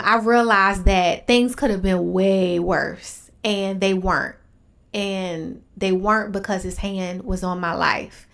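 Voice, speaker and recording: A woman hosting a podcast talks through listener questions in a casual monologue. She sounds candid and emphatic, and at times she preaches a little. Her voice sits at an ordinary middle pitch for a woman. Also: fairly bright tone. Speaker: podcast host.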